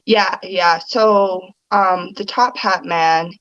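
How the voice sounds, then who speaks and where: A woman's voice: mid-range voice, fairly even intonation, takes it slowly, fairly bright tone, dry recording, muffled recording. A woman guest chatting casually on a video call, telling stories loosely and laughing often. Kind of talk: casual live-stream chat.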